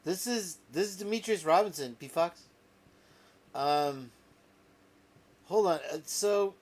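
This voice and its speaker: A man's voice: a little high, measured pace, pauses often. A man commenting on a video as a reaction host, with incredulous asides and laughter. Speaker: reaction streamer.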